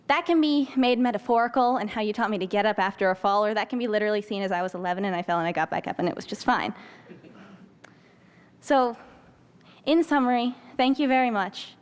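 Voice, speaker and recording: A woman's voice: mid-range voice, fairly quick, smooth. A young woman in her late teens, a former student, giving an earnest and articulate farewell speech to a retiring teacher.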